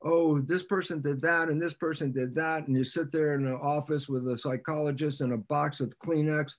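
A man speaking as a guest scientist on a podcast, an animated storyteller who repeats phrases for emphasis and acts out little exchanges. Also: a little high, moderate pace, few pauses. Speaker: podcast guest, cell biologist. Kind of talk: explanatory interview talk.

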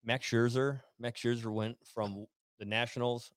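A man co-hosting a casual podcast, teasing his partner with quick interjected questions. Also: medium pitch, steady tone, no room sound. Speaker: podcast co-host. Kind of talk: casual chat.

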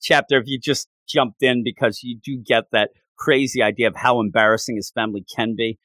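A man hosting a casual talk show, recapping a manga chapter in an animated, rambling way with frequent restarts. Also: mid-range voice, a little fast, no room sound. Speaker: podcast host reviewing a manga chapter. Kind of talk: casual chat.

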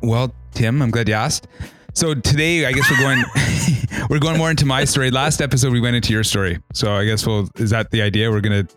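A man, a guest on a podcast, chatting in a relaxed, upbeat way and laughing easily. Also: mid-range voice, a little fast, faint music behind. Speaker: podcast guest, trades instructor. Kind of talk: casual podcast conversation.

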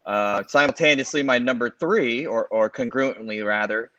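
A man's voice: medium pitch, normal speed, sharp tone, no room sound. A man in his forties from the Los Angeles area rambles through casual sports chat and keeps correcting himself. He sounds dull and lo-fi. The sound is dry and close. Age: 40s. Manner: rambling, self-correcting, fond of fillers. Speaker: podcast co-host.

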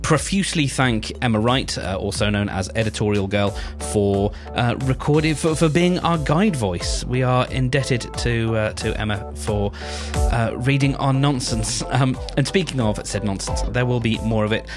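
A man's voice: medium pitch, normal speed, music in the background. A man hosting a podcast, giving a chatty, apologetic sign-off. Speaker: podcast host. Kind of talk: podcast outro.

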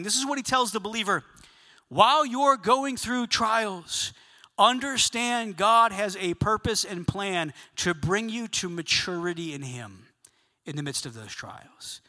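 A man delivers a sermon in a high, very bright voice, spinning an animated story and tossing questions out to his congregation. The sound rings with the long reverb of a large hall. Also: moderate pace. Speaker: pastor.

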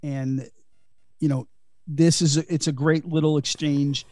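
A man recapping a film in a casual podcast chat, with a chatty, laughing manner and lots of fillers. His voice sits fairly high. The recording is dry and close. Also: little pitch movement, a little slow, darkish tone, no echo. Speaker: podcast host.

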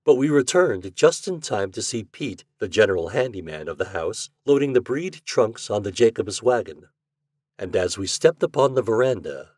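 A man reads classic fiction aloud in a low, husky voice with a lively, expressive pitch. His delivery is measured and close, with a dry, unreverberant sound. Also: no echo. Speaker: podcast host and reader.

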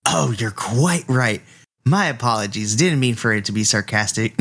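A man voicing a chirpy male lord hosting guests in a tabletop game, speaking in a soft, whispery, overly polite tone. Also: mid-range voice, moderate pace, breathy edge.

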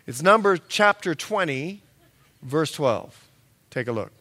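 A male pastor preaching a sermon, telling stories with lively acted-out quotes and emphatic, loud peaks. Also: fairly high pitch, measured pace. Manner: animated storytelling with acted-out quotes.

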